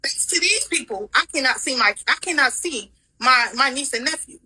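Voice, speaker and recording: A woman's voice: high voice, lively intonation, normal speed, bright, forceful tone, slightly rough, rough recording. A woman in a heated livestream argument who is defensive and repeats herself insistently. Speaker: livestream participant.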